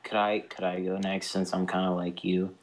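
A man's voice: sits low, level tone, moderate pace. A young man in a casual chat with friends, hesitant, restarting and repeating his words. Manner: hesitant, repeats himself, trails off.

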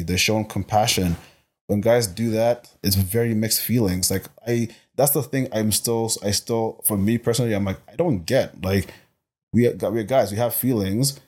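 Young man from Botswana, lowish voice, guest in a casual chat, emphatic, animated, restarts his words. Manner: emphatic, animated, repeats words while thinking. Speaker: guest, personal trainer.

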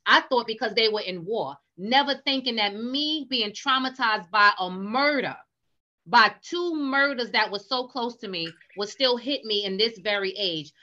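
A woman's voice: a little high, animated, measured pace, sharp tone, muffled recording. A middle-aged woman telling a personal story candidly and openly, often repeating herself. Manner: emotional, vulnerable, repeats herself. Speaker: guest sharing personal story.

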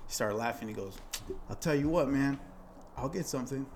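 A man's voice: mid-range voice, fairly quick, darkish tone, a little hiss or hum. Upbeat man telling a podcast story. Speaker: podcast co-host. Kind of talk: casual storytelling.

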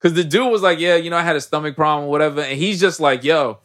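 A man with a slightly high voice recaps a movie on a podcast, talking loosely and full of slang. He keeps slipping into quick impressions of the characters as he tells the story. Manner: animated slangy storytelling, acts out characters' lines. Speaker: podcast co-host. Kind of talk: casual movie recap chat.

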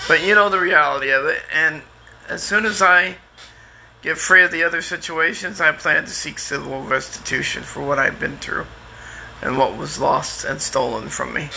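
A middle-aged man with a very bright, ringing tone and a gravelly edge, pitched a bit high for a man. He talks plainly and candidly, rambling through his story with restarts and fillers. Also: a little hiss or hum. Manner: candid and plainspoken, sometimes swears. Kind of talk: casual personal storytelling.

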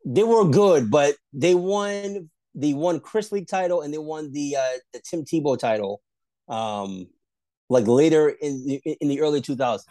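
A man co-hosting a casual sports podcast, debating rivalries and jumping high in pitch when he argues. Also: normal speed, dry recording. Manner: animated, pitch jumps high when arguing.

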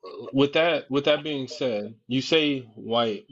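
A man hosting a live social media discussion, asking probing questions in a calm, reassuring way. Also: medium pitch, slow. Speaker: host. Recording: dull lo-fi audio.

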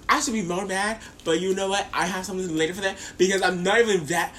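A young woman co-hosting a podcast, telling a story in casual chat with animated, profane ranting. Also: mid-range voice, fast, few pauses, slight background noise. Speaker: podcast co-host.

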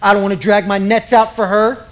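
A man's voice: high voice, level tone, brisk. A middle-aged man preaching a sermon in a casual, joking way, acting out the voices of the people he quotes. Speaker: pastor.

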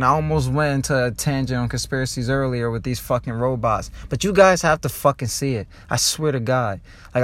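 A young man from New Jersey hosting his own podcast, ranting in a profane, rambling and excitable way. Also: a little high, no echo. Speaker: podcast host. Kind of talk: casual podcast monologue.

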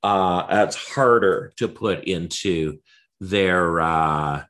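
A man's voice: low-pitched, very slow, a bit bright. Wry rambling male political commentator. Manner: wry, digressive, many ums and uhs. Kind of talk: unscripted political commentary monologue.

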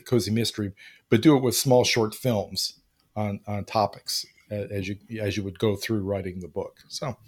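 A man co-hosting a writing podcast, talking in a thoughtful, unhurried way and searching for words. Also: on the low side, steady tone. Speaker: podcast co-host. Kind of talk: casual chat.

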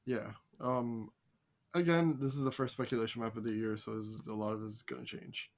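A man's voice: mid-range voice, fairly even intonation, a little fast. Easygoing man joking on a podcast. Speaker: podcast co-host. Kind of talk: casual group chat.

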